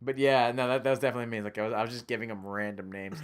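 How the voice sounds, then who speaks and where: A man's voice: mid-range voice, flat delivery, racing, smooth. A young man co-hosting a casual podcast, swearing freely and acting out quotes in funny voices. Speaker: podcast co-host. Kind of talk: casual chat.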